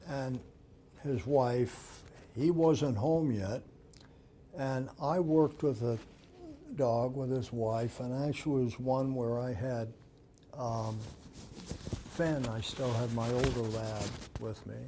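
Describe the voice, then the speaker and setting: Older man, dog-behavior speaker, unhurried storyteller with a mellow tone. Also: mid-range voice, steady tone, slight background noise. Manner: anecdotal, acts out quoted dialogue. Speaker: dog behavior expert giving an author talk. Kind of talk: storytelling talk.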